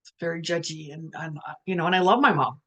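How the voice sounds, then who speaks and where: A middle-aged woman hosting a live spiritual talk, speaking in a reflective, musing way with many restarts and pauses, and now and then putting on the voices of family members. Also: low-pitched. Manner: quotes family conversations in lively voices. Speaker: spiritual empath host.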